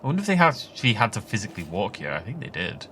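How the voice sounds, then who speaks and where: A man talking through a video game session in a loose, rambling way. His pitch jumps around a lot and his tone is bright, and he laughs often between remarks. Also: wildly swooping pitch, very fast, a little hiss or hum. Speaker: let's play host. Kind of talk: casual gameplay commentary.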